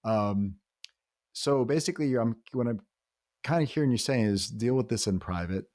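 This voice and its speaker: A man's voice: medium pitch, expressive, normal speed, darkish tone, dry recording, studio quality. A man hosting a podcast for fathers, talking casually and joking as he lays out everyday choices. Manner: joking, sets up scenarios as choices. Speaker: podcast host. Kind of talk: casual conversation on marriage and faith.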